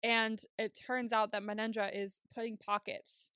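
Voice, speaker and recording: A woman's voice: fairly high pitch, normal speed, smooth, no room sound, studio quality. A woman co-hosting a podcast, casually recapping a TV episode and acting out the characters' lines. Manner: animated retelling, acts out characters' lines, laughs often. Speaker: podcast co-host.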